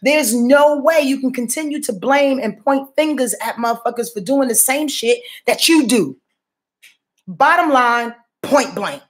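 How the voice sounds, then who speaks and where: A woman's voice: sits high, lively intonation, a little slow. A woman astrologer giving her weekly forecast in a blunt, profane, preachy way, calling out to her listeners. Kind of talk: casual spoken astrology forecast.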